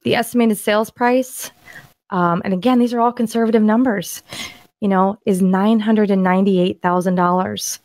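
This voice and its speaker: Woman, podcast co-host, excited, rambling, restarts sentences, mid pitch, dry close sound. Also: normal speed, no room sound. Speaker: podcast co-host and land investor. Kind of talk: casual screen-share deal walkthrough.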